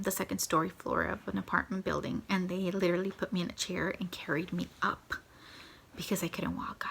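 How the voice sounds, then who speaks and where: A young woman with a gravelly, creaky edge sits and recounts her own story in a casual vlog, sometimes sinking into a soft whisper. Steady background noise runs under the whole recording. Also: fairly low pitch. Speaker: vlogger. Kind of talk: personal storytime.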